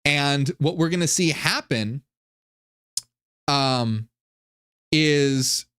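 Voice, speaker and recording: A man's voice: a little high, very slow, fairly bright tone, smooth. A man hosting a channel, giving a rambling, profane monologue with many restarts. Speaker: channel host. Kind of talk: monologue commentary on ancient texts.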